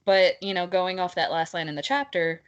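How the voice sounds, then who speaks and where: Animated, exasperated woman with a lower voice. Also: fairly quick, smooth, dull audio. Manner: animated, exasperated, laughs often. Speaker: podcast co-host. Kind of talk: casual book discussion.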